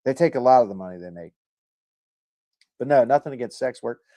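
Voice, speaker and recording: A man runs a livestream, chatting casually, reading comments from viewers, rambling, joking and cursing plenty, all in a laid-back manner. His mid-range, mellow voice is animated and fairly quick, and the recording has no room sound.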